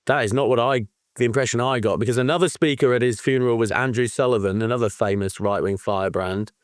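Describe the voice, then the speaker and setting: A man co-hosting a football book podcast, talking in an animated, excitable way, swearing freely and laughing often. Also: mid-range voice, fast, dry recording, studio quality. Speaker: podcast co-host. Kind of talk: casual book-club chat.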